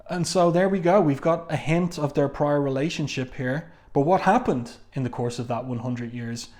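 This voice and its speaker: A man's voice: mid-range voice, moderate pace, hardly any pauses, darkish tone. A man talking casually through a comic book review, reading quotes from the panels aloud, with frequent fillers and asides.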